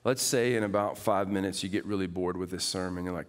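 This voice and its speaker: Give me a man preaching a sermon, animated, shifting from loud to soft. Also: low voice, quick pace, long reverb tail. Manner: animated, swings from loud to hushed. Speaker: pastor. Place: church sanctuary.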